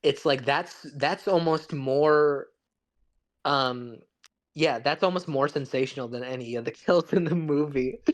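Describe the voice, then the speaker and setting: A man's voice: fairly high pitch, a little slow. A man co-hosting a podcast, talking through a film in a loose, rambling, analytical way with lots of restarts. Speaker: podcast co-host. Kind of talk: casual film discussion.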